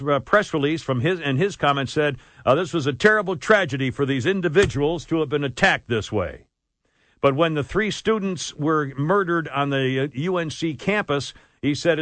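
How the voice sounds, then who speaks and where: A man hosting a talk radio show, animated and opinionated, on a studio mic. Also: fairly high pitch, no room sound.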